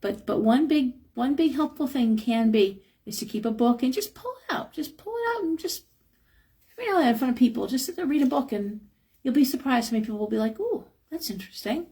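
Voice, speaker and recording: A middle-aged woman on a live stream talks through spiritual advice in a frank, chatty way and sounds a bit worn out. Her voice sits fairly high, with a husky edge and a gravelly fry at the ends of her phrases. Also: big pitch swings, a little fast, mellow. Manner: chatty, frank, acts out quotes with a higher voice. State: tired. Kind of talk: casual live-stream talk, reading chat.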